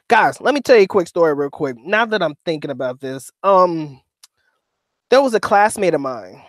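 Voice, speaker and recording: A man's voice: mid-range voice, no room sound, studio quality. A man co-hosting a casual livestream, reading chat and talking in a slangy, profane, laughing way.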